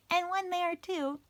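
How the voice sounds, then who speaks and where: A woman's voice: sits high, sharp tone. A woman librarian hosting a children's story time, speaking in a cheerful, playful way straight to young kids.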